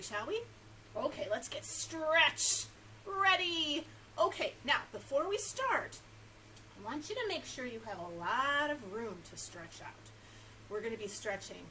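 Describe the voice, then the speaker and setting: A high, bright woman's voice that swoops all over as she hosts a children's story time. She talks in a singsong, animated way, leading little ones through rhymes and stretches, with a faint hiss under the voice. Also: low-quality recording. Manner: animated, singsong, leads rhymes and movement games. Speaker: children's librarian.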